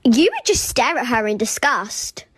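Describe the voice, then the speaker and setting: A woman's voice: on the high side, big pitch swings, measured pace, slightly rough, no room sound. Exasperated woman ranting. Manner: exasperated, sarcastic. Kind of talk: comedic storytime rant.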